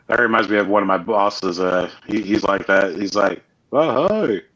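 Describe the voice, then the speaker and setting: A man's voice: low-pitched, fairly even intonation, moderate pace, a bit bright. A laid-back, joking man in a casual livestream chat, heard on a dull lo-fi mic.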